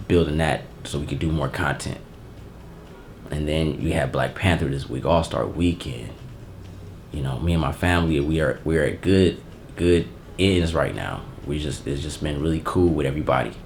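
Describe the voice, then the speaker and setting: A man hosting a casual unboxing vlog, giving heartfelt, emotional thanks in relaxed, slangy talk. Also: a bass voice, creaky, a little hiss or hum. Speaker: channel host.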